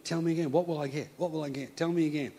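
A man voicing an eager, fearless teenage boy who keeps pressing with excited questions. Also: fairly high pitch, very fast.

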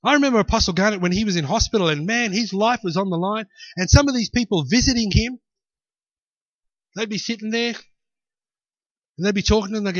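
A man's voice: high-pitched, brisk, long pauses, no room sound, muffled recording. A man preaching a sermon and acting out the people in the story. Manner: animated preaching, acting out voices. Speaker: pastor.

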